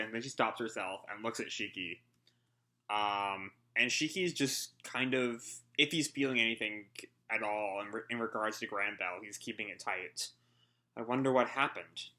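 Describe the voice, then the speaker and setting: A man reads a manga chapter aloud and rambles his way through commentary, full of ums and uhs and the odd casual swear. His voice is bright and forward at an ordinary male pitch. He often laughs along at what he reads. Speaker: manga reaction host. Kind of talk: casual live reading and commentary.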